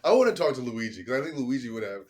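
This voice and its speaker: A man, a comedian, arguing the defense in a comedy podcast mock trial, halting with many repeated starts. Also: medium pitch, very animated, background noise.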